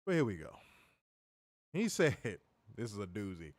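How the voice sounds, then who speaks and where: Animated, ranting man hosting a wrestling stream. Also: fairly low pitch, a little slow, dry recording, studio quality. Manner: emphatic, profane, mocking. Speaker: wrestling show host. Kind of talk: casual profane rant on a livestream.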